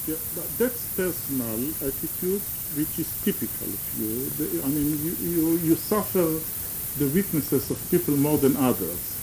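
A man's voice: fairly high pitch, very animated, normal speed, noisy background. A man interviewing, hesitant and repeating words as he builds his questions.

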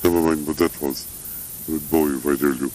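Older man with a very deep voice. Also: fairly even intonation, fast, warm tone, a little hiss or hum, poor audio. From Russia. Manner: rambling, anecdotal, with frequent asides. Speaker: interviewee. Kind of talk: reminiscing conversation.

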